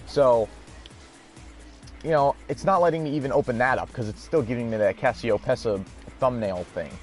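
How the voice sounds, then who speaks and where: A man's voice: medium pitch, moderate pace, a little mellow, faint music behind. A man hosting a gaming video, telling a story in a rambling, exasperated way and swearing casually. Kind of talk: casual storytelling over gameplay.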